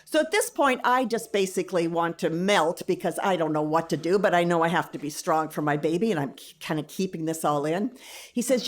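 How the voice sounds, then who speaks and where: A middle-aged woman telling a personal story on stage, expressive and dramatic, acting out the quoted lines. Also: lowish voice, fairly quick. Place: stage before a live audience.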